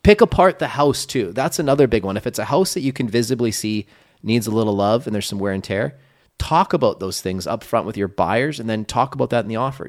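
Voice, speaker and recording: A man's voice: lowish voice, brisk. A man co-hosting a podcast, giving casual coaching talk with emphasis and acting out sample lines of dialogue. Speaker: podcast co-host, real estate coach.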